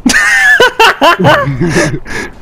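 A woman's voice: extremely high pitch, huge pitch swings, drawn-out words, noisy background. A woman in casual gaming chat with friends, giggly and teasing, swearing often. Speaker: gamer.

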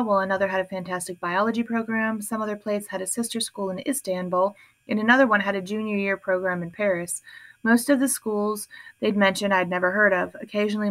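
A woman's voice: mid-range voice, fairly bright tone. Woman narrating an audiobook. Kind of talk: first-person audiobook narration.

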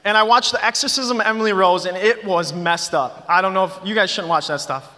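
A young man preaching to a youth group, telling stories in an animated way, full of "like" and "you guys". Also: high-pitched, a little fast. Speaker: youth pastor. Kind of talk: youth sermon. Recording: long reverb of a big hall.

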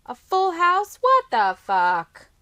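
A whiny, hotheaded young man, put on by a woman reading aloud, bellows his complaints and stretches them out. He sounds like a sore loser, loud and drawn out. The recording is dry and close. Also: mid-range voice, lively intonation, normal speed, dry recording, close to an everyday voice. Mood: whining outrage. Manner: whining, shouting, drawn out.

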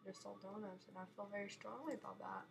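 A woman's voice: medium pitch, steady tone, fast talker, creaky, music in the background. A woman hosting a casual gaming video from her bedroom, chatty and giggly with playful dramatic outbursts. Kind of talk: casual let's-play commentary.

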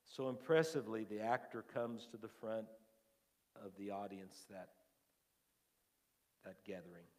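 A man preaching a sermon as lead pastor, telling a story slowly, his phrases trailing off softly before rising to fervent emphasis. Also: lowish voice. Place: church sanctuary. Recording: long church-hall reverb.

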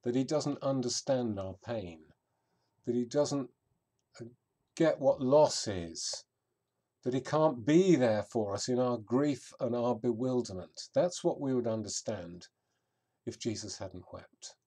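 A man giving a reflective sermon as a vicar, with pauses and occasional fillers. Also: mid-range voice, mellow.

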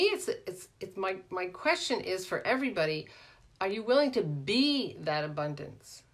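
A middle-aged woman coaching in a casual live stream, animated and chatty, often ending points with "right?" and greeting viewers by name. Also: mid-range voice. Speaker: life coach hosting a live Q&A.

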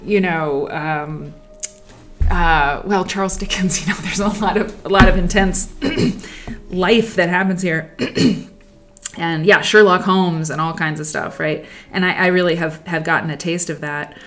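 Low-voiced woman telling stories casually. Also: fairly even intonation, a little slow, a bit bright. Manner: rambling, reflective, trails off. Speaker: livestream host. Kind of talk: casual livestream storytelling. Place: at home while sewing.

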